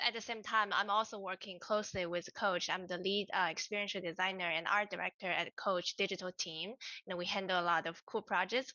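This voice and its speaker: A woman's voice: mid-range voice, bright, forceful tone, no room sound, muffled recording. A woman from China introducing herself on a video call panel, speaking hesitantly with many fillers. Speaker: art director, studio co-founder. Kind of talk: casual presentation over video call.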